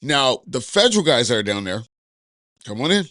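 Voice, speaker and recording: A man's voice: mid-range voice, very animated, normal speed, sharp tone, no room sound, clean studio sound. A man co-hosting a podcast, cutting in with crude jokes during casual banter. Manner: crude joking interjections. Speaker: podcast co-host.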